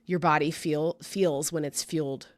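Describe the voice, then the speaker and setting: A woman's voice: deep voice, fairly even intonation, a little hiss or hum. Chatty enthusiastic woman podcast host. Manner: chatty, enthusiastic, quick to agree. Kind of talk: casual podcast conversation.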